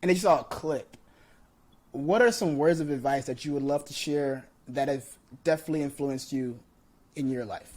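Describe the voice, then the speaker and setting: A man's voice: fairly high pitch, moderate pace, a little mellow. A man hosting a podcast interview in an emphatic, encouraging way, often checking in with "you know what I'm saying.". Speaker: podcast host. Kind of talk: casual interview chat.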